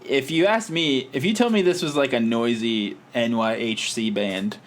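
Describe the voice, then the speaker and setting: A man's voice: medium pitch, normal speed. A man from Calgary co-hosting a podcast, talking in a rambling, wry way and laughing easily. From Calgary, Canada. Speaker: podcast co-host. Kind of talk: casual chat.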